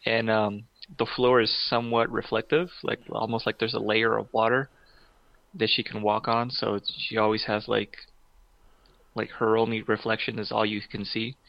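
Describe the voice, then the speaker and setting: A man's voice: on the low side, level tone, normal speed, gravelly, dry recording, lo-fi sound. A man co-hosting a podcast in casual chat, rambling and enthusiastic with many fillers.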